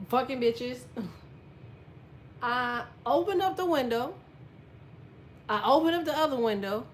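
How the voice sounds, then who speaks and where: A woman's voice: high voice, measured pace, long pauses, slight background noise. Blunt, foul-mouthed woman telling a story. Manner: profane, blunt, swears constantly; lively storyteller, quietens when telling sad parts. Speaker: astrology content creator. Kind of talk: casual storytelling monologue.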